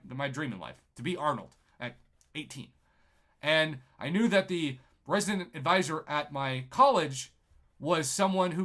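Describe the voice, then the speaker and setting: A young man from New Mexico tells his life story with a bright, sharp voice. He is animated and emotional, and he acts out the dialogue of the people he quotes. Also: fairly high pitch. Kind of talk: personal storytelling.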